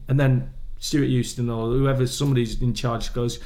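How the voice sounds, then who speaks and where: Male guest, storyteller, acts out quotes, mid pitch. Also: moderate pace. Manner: animated, acts out quotes, laughs often. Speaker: guest, former footballer. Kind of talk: anecdotal storytelling.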